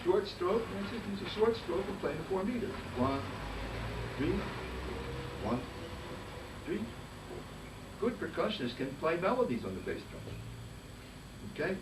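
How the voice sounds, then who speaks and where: A man leading a band master class, giving brisk directions and singing rhythms in nonsense syllables to demonstrate. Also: sits high, very animated. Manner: sings rhythms in nonsense syllables while explaining. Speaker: conductor teaching a master class. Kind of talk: band rehearsal instruction. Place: rehearsal room with a band. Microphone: distant recorder. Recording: echoey room, far from mic, noisy.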